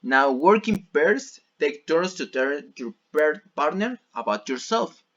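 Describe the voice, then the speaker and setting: Slow, patient male English teacher. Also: fairly high pitch, lively intonation, fairly bright tone, highs cut off. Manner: repeats and rephrases each example patiently. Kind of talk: bilingual classroom explanation.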